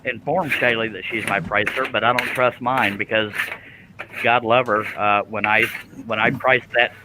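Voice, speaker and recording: A man's voice: on the low side, fairly even intonation, normal speed, background noise. A man hosting a live stream, chatting casually and joking while he works at a scroll saw. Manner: joking, folksy, laughs often. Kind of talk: casual chat while working.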